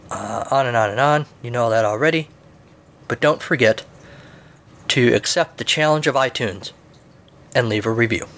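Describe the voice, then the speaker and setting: A man's voice: medium pitch, fairly bright tone. A male podcast host reads a comic story with dry, offhand humor. His delivery is casual and wry.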